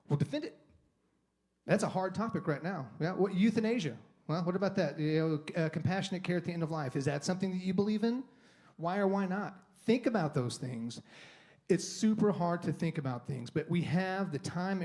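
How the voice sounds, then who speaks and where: A man's voice: high-pitched, darkish tone. A man giving a guest sermon in a conversational, rambling way, with restarts and acted-out inner monologue. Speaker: guest speaker. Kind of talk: sermon talk. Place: church sanctuary.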